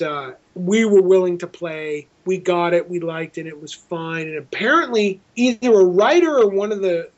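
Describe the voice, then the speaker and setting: A man, a film director being interviewed as a guest, tells a long anecdote and acts out both sides of the conversations, with frequent restarts. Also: high-pitched. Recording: dull lo-fi sound.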